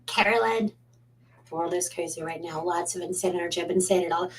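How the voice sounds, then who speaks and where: A woman's voice: lowish voice, a little fast, slight background noise, poor audio. A woman psychic at home, chatting casually on a live stream in a rambling way and greeting viewers by name.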